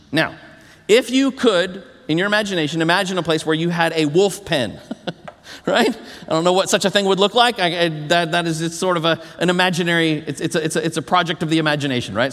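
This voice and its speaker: High-voiced preacher in a reverberant hall. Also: male voice. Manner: animated preaching, drops low and slow on key phrases. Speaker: pastor. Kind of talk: sermon.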